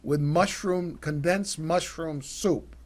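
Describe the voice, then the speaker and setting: A man's voice: on the high side, slow pace, a little mellow. An older American man co-hosting a cooking show, chatting casually with lots of fillers and restarts. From United States. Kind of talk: casual chat.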